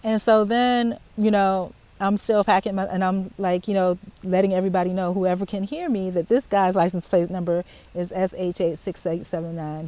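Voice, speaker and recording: A woman, telling a story to the camera in casual chat, animated and repeating herself as she spells out details. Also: mid-range voice, low-quality recording. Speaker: vlogger.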